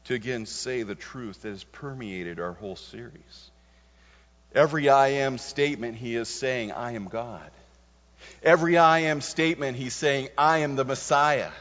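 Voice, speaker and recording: A man preaching a sermon as pastor. He moves between quiet passages and emphatic lines, stressing key words. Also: medium pitch, normal speed. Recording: muffled sound with long hall reverb.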